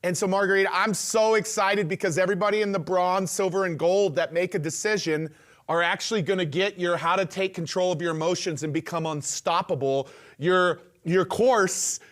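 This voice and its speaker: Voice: medium pitch, fairly even intonation, normal speed. A host of a live online event, enthusiastic and encouraging while introducing the next offer to the guest.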